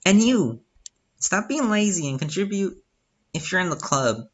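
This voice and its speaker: A man's voice: high voice, big pitch swings, measured pace, highs cut off, voice pushed up, exaggerated voice. A man voicing a confident, teasing teenage girl who leads a school club. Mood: stern.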